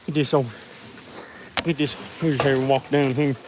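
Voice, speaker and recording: A man rambling and joking casually to viewers as he clears out old junk. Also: medium pitch, fairly even intonation, normal speed, noisy background. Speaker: video creator.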